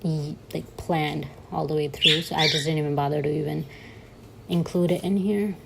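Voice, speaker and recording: Chatty low-voiced woman, gravelly edge. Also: fairly even intonation, moderate pace, heavy background noise. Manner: chatty and giggly, self-mocking asides. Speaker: bullet journal vlogger. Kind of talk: casual voice-over chat while journaling.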